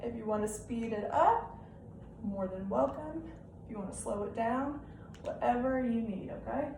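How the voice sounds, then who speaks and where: A woman's voice: fairly high pitch, moderate pace, vocal fry, a little mellow. Young female fitness instructor, encouraging and chatty; echoey room, distant mic. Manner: upbeat, encouraging, checks in with "okay?". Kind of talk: live-style home workout instruction. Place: room at home. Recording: echoey room, off-mic, faint background hiss.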